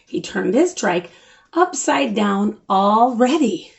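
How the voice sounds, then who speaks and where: An older woman hosting a children's story time, reading a picture book aloud in an animated, sing-song way. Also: medium pitch, slow pace, gravelly, a little hiss or hum. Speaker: storyteller host.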